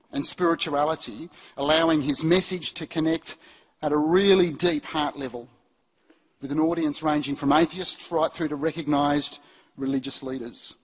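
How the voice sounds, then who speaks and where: A man hosting a conference and introducing the keynote speaker in an upbeat, enthusiastic way. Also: a little high. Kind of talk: event introduction. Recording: echoey hall, slightly husky.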